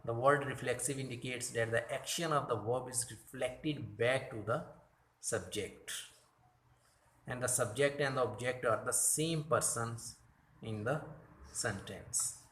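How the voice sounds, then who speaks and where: Male English teacher, very slow and careful, catches his own mistakes, roomy echo. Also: medium pitch, a bit bright. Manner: slow and deliberate, corrects his own slips. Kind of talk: grammar lesson explaining slides.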